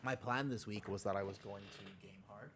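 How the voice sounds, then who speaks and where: A man's voice: on the low side, fairly even intonation, normal speed, a bit bright, a little hiss or hum. Male game streamer, slightly sick with a sore throat, rambling casual chat. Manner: rambling, self-correcting, chatty. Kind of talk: casual livestream chat while gaming.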